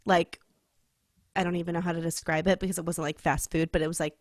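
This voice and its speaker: A young woman co-hosting a podcast in casual chat, talking fast and loose with lots of fillers and frequent laughter. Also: lowish voice, level tone, no echo, studio quality. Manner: chatty, many "like" fillers, laughs often. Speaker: podcast co-host.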